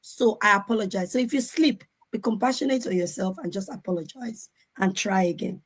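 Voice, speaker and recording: A woman's voice: medium pitch, fairly quick. An earnest woman in her forties tells a parenting story over a video call. She acts out the voices of others as she goes. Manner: earnest, animated, acts out quotes. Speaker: conference speaker. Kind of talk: sharing personal parenting story.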